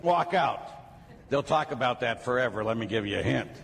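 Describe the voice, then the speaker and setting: A middle-aged man, a priest, giving a lively sermon talk full of joking stories and acted asides. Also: mid-range voice, brisk, creaky, a little hiss or hum. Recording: long hall reverb, faint ambience.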